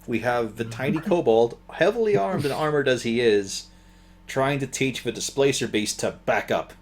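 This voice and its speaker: Male GM, animated delivery, mid pitch, chuckles through narration. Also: moderate pace, a little hiss or hum. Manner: laughs often, animated. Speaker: game master. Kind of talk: narrating a tabletop game.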